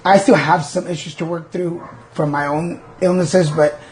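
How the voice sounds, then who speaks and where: A man's voice: fairly high pitch, steady tone, moderate pace, a little hiss or hum. A man hosting a podcast, chatting candidly and making fun of himself. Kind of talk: casual chat.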